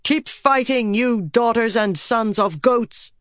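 A woman's voice: fairly low pitch, lively intonation, normal speed, dry recording, studio quality, lightly acted. Woman voicing a brash archer commander. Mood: commanding. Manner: boisterous, commanding.

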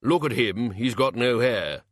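A sly wizard lecturer, voiced by a male reader in an audiobook, teasing slowly and deadpan. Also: medium pitch, no echo, clean studio sound.

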